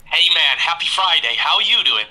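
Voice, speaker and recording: Gushing male caller with a sharp voice. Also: on the high side, animated, brisk, poor audio. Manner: effusive, praising. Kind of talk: casual call-in chat.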